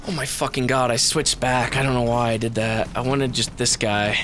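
A man giving profane, excitable let's play commentary, swinging from mutters to shouts and talking to the enemies on screen. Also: medium pitch, normal speed, slight background noise. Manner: talks to the game and its enemies. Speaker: gamer.

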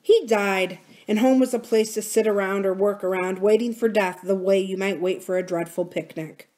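Brief: woman reading a quiet, troubled young man, earnest and confiding. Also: high voice, fairly even intonation, normal speed, close to an everyday voice.

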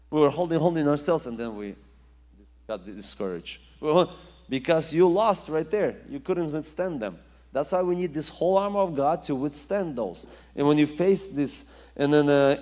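Man preaching, emphatic and repetitive, fairly high voice, long hall echo. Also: warm tone. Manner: emphatic, rising and falling delivery with repetition. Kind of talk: sermon.

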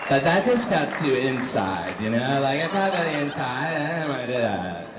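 A man's voice: medium pitch, very animated, normal speed. A man performing a stand-up comedy set, self-mocking, acting out both sides of his stories with rising exasperation. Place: comedy stage before a live audience. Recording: roomy live stage sound from far off, crowd noise. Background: audience laughter.

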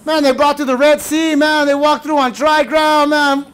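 A male pastor preaching a sermon, animated and casual, with shouted bursts and playful mock voices. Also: very high voice, normal speed, hardly any pauses, a little hiss or hum. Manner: casual slangy talk.

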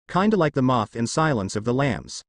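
A man's voice: medium pitch, sing-song, moderate pace, no echo, studio quality. A man voicing a sarcastic, wisecracking young male hunter in a fan story reading. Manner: sarcastic, joking.

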